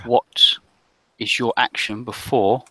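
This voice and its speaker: Bright-voiced man running a tabletop game. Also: mid-range voice, flat delivery, takes it slowly, no echo, poor audio. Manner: hesitant, many ums. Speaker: game master.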